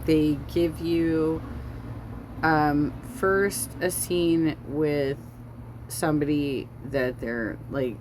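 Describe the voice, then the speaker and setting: Casting note: unhurried woman host, chatty and meandering, restarts often, faint air-con hum behind. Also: deep voice, fairly even intonation. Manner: slow, rambling, frequent fillers and self-corrections. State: has the hiccups. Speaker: reaction video host. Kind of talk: casual commentary over a song.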